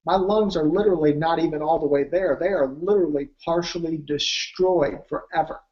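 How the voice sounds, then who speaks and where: A man's voice: on the high side, a little fast, highs cut off, natural voice. A man voicing an earnest, reluctant fireman with damaged lungs in his own everyday voice while telling a story.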